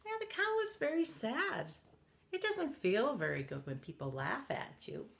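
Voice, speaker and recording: A woman reading a picture book aloud to children, animated and stopping to ask her young listeners questions. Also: sits high, a little slow, creaky. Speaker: children's story reader.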